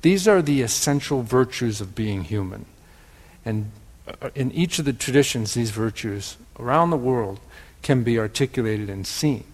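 A man's voice: medium pitch, lively intonation, normal speed, long reverb tail. Reflective man with a Wisconsin accent. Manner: gentle, pondering, repeats words for emphasis. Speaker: spiritual teacher. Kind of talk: reflective spiritual teaching.

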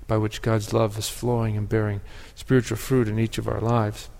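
A man's voice: lowish voice, flat delivery, creaky, a little mellow. Man preaching in a reverberant hall. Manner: reflective, measured preaching with pauses and restarts. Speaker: pastor. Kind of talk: sermon.

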